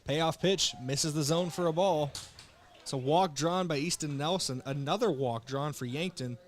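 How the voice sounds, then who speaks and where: A young man from South Dakota calling baseball play-by-play with relaxed, joking banter between pitches while fighting the hiccups. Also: normal speed, a little hiss or hum. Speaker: play-by-play announcer.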